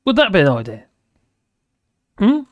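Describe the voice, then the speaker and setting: A man's voice: high-pitched, wildly swooping pitch, moderate pace, no room sound, studio quality. A man hosting a live stream, chatting casually with viewers and rambling between topics while laughing often.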